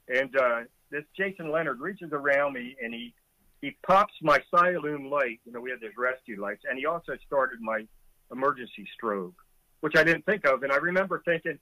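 A man's voice: medium pitch, lively intonation, normal speed, pushed and bright, dry recording. Middle-aged man telling a story, dull lo-fi sound. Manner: vivid, chuckling retelling of a rescue. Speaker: former Coast Guard boatswain's mate, guest. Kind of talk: storytelling in a conversation.

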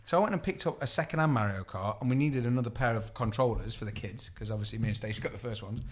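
A man's voice: medium pitch, fast talker, slightly rough. A man, co-hosting a casual chat and acting out his stories. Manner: animated storyteller who acts out both sides of his anecdotes. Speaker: podcast co-host.

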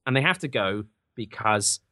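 A man's voice: on the low side, no room sound, clean studio sound. A man on a podcast, animatedly retelling a film in casual chat and acting out bits of it. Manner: animated storyteller, acting out scenes in quick put-on voices. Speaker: podcast host recapping a film.

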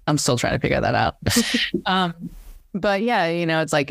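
A woman's voice: low voice, lively intonation, moderate pace, vocal fry, no echo, studio quality. A woman talking candidly and animatedly as an interview guest, with many fillers and restarts. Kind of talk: casual interview chat.

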